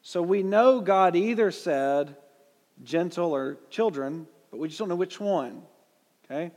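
This Bible class teacher, a man with a Southern US accent, talks conversationally and puts questions to the people listening. He has a high, somewhat mellow voice with lively intonation, speaks a bit slowly, and sounds like he's in a large hall.

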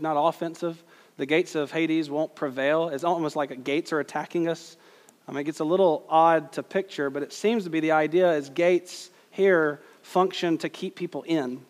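A male pastor delivers an earnest sermon, leaning hard on key phrases and slowing for quotes. His voice sits a little high for a man. A long hall reverb trails each line. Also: fairly even intonation. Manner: earnest, emphatic preaching with slow stressed quotes.

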